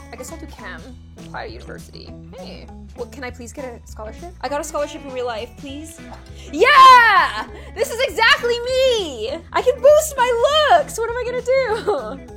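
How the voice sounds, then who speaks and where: A young woman giving chatty, dramatic commentary while playing a life-sim game, breaking into shrieks and laughs. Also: fairly high pitch. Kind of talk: gameplay commentary.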